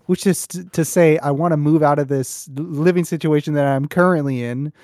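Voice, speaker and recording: A man's voice: on the high side, a little fast, a little mellow, no room sound, clean studio sound. A young man, a podcast host, chatting casually and telling a story with lots of restarts. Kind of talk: casual chat.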